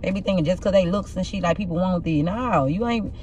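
A young woman with a rough, husky voice, doing a casual tarot reading and telling blunt, profane stories in an animated way. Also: lowish voice, a little fast, muffled recording, a little hiss or hum. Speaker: tarot reader.

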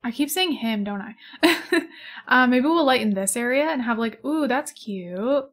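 Speaking a little slowly in an expressive, high-leaning voice, a twenty-something gaming YouTuber rambles over her gameplay in a casual let's-play. She giggles often and gushes about cute animals.

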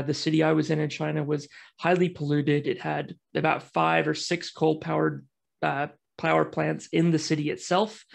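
A man's voice: on the high side, creaky. A man in his thirties with an American accent, giving a casual, enthusiastic talk as a guest speaker over a video call. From United States. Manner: chatty, self-deprecating, enthusiastic. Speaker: guest speaker, podcast network founder.

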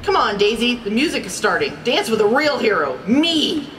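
A woman's voice: a little high, big pitch swings, normal speed, fairly bright tone, roomy sound. A woman voicing a smug, cowardly male cartoon gander in a storybook reading, boastful in manner. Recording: distant mic with background noise.

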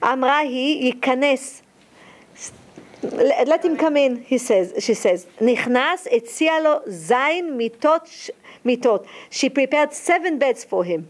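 High-voiced woman teaching a Talmud story. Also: lively intonation. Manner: alternates rapid Hebrew reading with slower English retelling, frequent restarts. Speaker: Torah teacher. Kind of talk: Talmud lesson, reading and translating aloud.

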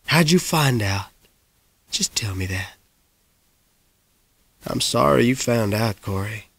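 A man's voice: medium pitch, expressive, takes it slowly, gravelly, a bit bright, dry recording, exaggerated voice. A man voicing a worried middle-aged male small-town mayor who pleads and hollers after a boy. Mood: hushed, pleading.

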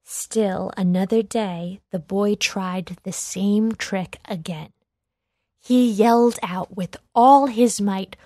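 A woman with a middle-pitched voice reads a children's read-along storybook slowly and steadily, her delivery clear and full of expression. It's recorded close and dry, with no room sound.

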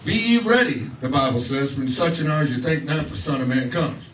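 A man's voice: mid-range voice, lively intonation, a little fast, a bit bright, roomy sound, recorded from a distance, slight background noise, poor audio. A man preaching a sermon, telling a story in a conversational way with restarts and fillers, acting out quoted voices. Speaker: pastor.

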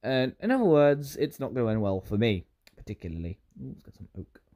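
A man's voice: medium pitch, big pitch swings, a little fast, warm tone. A British man giving rambling, self-interrupting commentary while playing a game. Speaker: gaming YouTuber. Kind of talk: Minecraft gameplay commentary.

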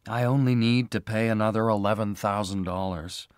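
A man's voice: fairly low pitch, fairly even intonation, normal speed, clean tone, dry recording, clean studio sound, lightly acted. Man playing an earnest young lover. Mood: sober. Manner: earnest, reassuring.

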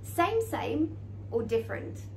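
A woman's voice: high voice, big pitch swings, slow, a little mellow, reverberant, slight background noise, full character voice. A woman voicing a cheerful, playful young female sparrow in a read-aloud children's story.

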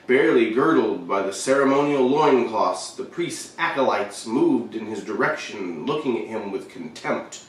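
A man reading a short story aloud, expressive, with shifting emphasis and the occasional slip. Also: on the low side, normal speed, hardly any pauses, recorded from a distance, slight background noise. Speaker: reader. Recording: very echoey room, voice away from the mic.

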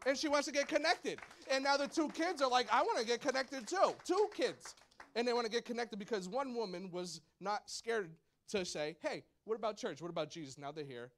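A male pastor in his thirties preaching a sermon to a congregation, telling lively stories and acting out shouts and quotes. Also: extremely high pitch, a little fast, slight background noise. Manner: animated storytelling, acts out shouts and quotes. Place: church hall before a congregation.

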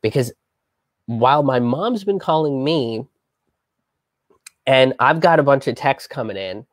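A man tells a personal story on a live stream in a halting, casual way, with many restarts and blunt swearing. His pitch sits in an ordinary middle range. The sound is dry and close, with no room echo. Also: lively intonation.

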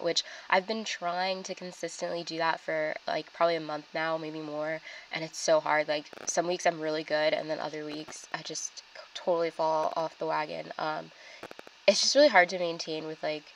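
A woman's voice: low voice, a bit bright, slight background noise, rough recording. A young woman chatting casually through her weekly planner spread, with lots of ums and likes. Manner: chatty, filler-heavy, with many ums and likes. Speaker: planner vlogger. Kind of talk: casual plan-with-me narration.

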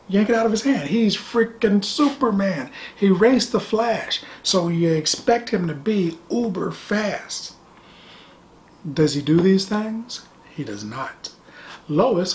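Middle-aged reviewer, casual chat, sarcastic, repeats for effect, faint background hiss. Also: mid-range voice. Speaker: movie reviewer. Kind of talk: casual spoken movie review.

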